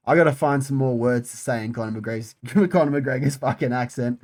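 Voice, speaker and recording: A man hosting his own fight-sports channel, talking casually and excitedly, swearing often and repeating phrases for emphasis. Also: medium pitch, a little fast, hardly any pauses. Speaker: MMA channel host. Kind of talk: casual solo commentary.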